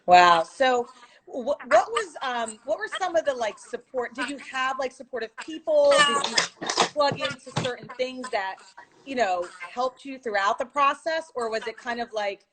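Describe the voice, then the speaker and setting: A woman's voice: high-pitched, animated, measured pace, fairly bright tone, a little hiss or hum, rough recording. A woman hosting an interview, supportive and affirming, asking long, wandering questions. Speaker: interview host.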